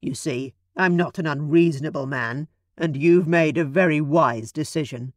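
A woman's voice: sits low, moderate pace, darkish tone, no room sound, close to an everyday voice. A woman voicing a leering, scheming male country squire who menaces the heroine with a smug tone.

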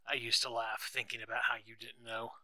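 A man reading the part of a calm, polite and earnest young rich lover. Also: mid-range voice, fairly quick, rough recording.

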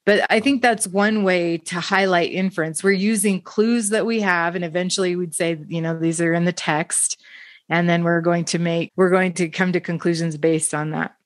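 A woman's voice: fairly low pitch, steady tone, moderate pace, no room sound, studio quality. A woman hosting a panel discussion on teaching, telling classroom stories in an enthusiastic, affirming way. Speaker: podcast host and educator.

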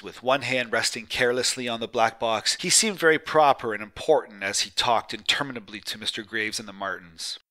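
A man narrating a short story as an audiobook reader, measured and expressive. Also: mid-range voice. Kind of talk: scripted narration.

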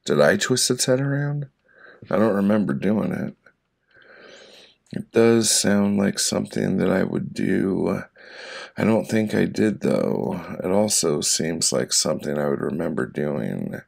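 Man, poetry audiobook reading, gravelly fry in the voice, dry deadpan delivery. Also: sits low, a little slow. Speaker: poet reading his own work.

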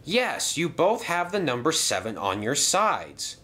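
A man's voice: fairly high pitch, very animated, measured pace, bright, forceful tone, pitched above the performer's own voice, full character voice. Colin, a man doing a prim, genteel crane. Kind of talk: toy train story voice acting.

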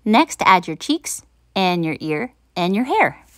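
A woman's voice: on the low side, very animated, slow, fairly bright tone, no echo. Woman, art teacher, drawing instructions, friendly, dry recording.

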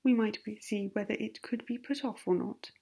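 A woman's voice: medium pitch, fairly even intonation, normal speed, vocal fry, warm tone, husky. A woman voicing a nosy, meddling older lady in a whispered role-play with a prying, insistent manner.

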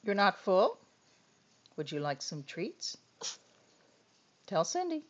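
A woman coaxing her pet dog in sing-song baby talk, swinging from loud to hushed, on a dull lo-fi home video. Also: mid-range voice, very animated, slow pace. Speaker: dog owner.

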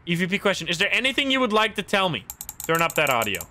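Excitable young man streaming a game. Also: sits high, fast, slight background noise. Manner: excitable, thinks aloud, laughs and exclaims often. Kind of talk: casual live gameplay commentary.

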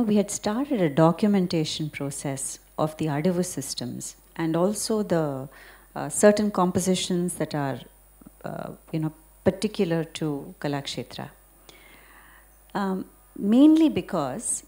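A woman's voice: lowish voice, dark tone. A woman with an Indian English accent, a dancer on a panel, speaking hesitantly with many fillers. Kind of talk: panel discussion.

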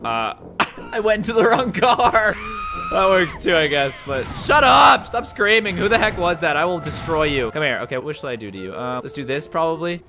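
A young man giving energetic gameplay commentary as a YouTuber, excitable and quick to shout and laugh. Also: fairly high pitch. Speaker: gaming YouTuber. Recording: background music under voice.

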